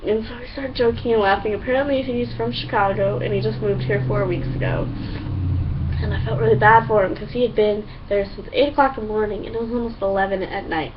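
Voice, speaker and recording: A young woman talking to camera in a casual, excitable, chatty way, full of fillers and acted-out quotes. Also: medium pitch, fairly quick, distant mic. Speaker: vlogger. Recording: dull lo-fi sound, a bit off-mic, faint hum.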